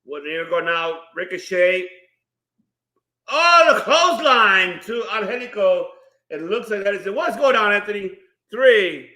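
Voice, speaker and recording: A high-voiced man calling the action in an excitable watch-party stream, his bright, forceful tone bouncing around a roomy, echoey space. He breaks into loud reactions and greets chat viewers between moves. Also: unhurried. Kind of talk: live wrestling watch-along commentary. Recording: roomy echo.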